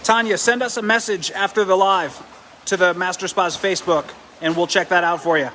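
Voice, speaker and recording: A man's voice: sits high, fairly even intonation, fairly quick, pushed and bright, a little hiss or hum. A man hosting a live product demo beside a swim spa, chatty, explaining as he goes with restarts. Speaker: host and triathlon coach.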